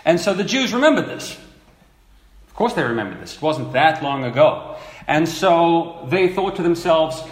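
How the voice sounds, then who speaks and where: A man preaching a sermon, reading scripture aloud and acting out the people in the story with lively repetition. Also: fairly high pitch, moderate pace, reverberant. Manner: animated, acts out quoted speakers, repeats words.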